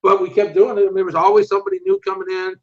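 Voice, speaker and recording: An older man with a high-pitched voice tells animated stories in a casual interview. He acts out what other people said and swears freely. The recording sounds muffled and lo-fi. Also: rapid-fire. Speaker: interview guest, martial arts instructor. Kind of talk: casual storytelling.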